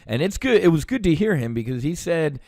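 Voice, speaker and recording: A man's voice: on the high side, big pitch swings, brisk, vocal fry, darkish tone, dry recording. Vet guy ranting on his show, lots of uh's and cussing, dry close mic. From United States. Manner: heated, profane ranting with many fillers. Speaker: podcast host, veteran. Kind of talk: casual monologue, storytelling.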